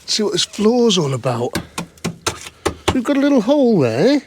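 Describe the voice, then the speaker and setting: A man's voice: sits high, wildly swooping pitch, moderate pace, noisy background. A man giving chatty, wry running commentary to camera as he looks over an old car in a cold scrapyard. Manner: chatty, wry, muttering to himself. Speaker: vlog host.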